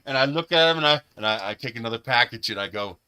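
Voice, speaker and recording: A man's voice: medium pitch, fast, pushed and bright, clear, resonant tone. A man hosting a live stream, telling stories in casual chat, laughing often and swearing freely. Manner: laughs often, profane, gleeful storyteller.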